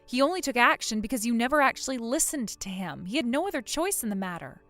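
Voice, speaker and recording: A woman's voice: on the high side, very animated, fast talker, fairly bright tone, soft background music. A woman voicing a cold, furious young wife who scolds her sister-in-law without mercy. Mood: stern. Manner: stern, scolding, unforgiving.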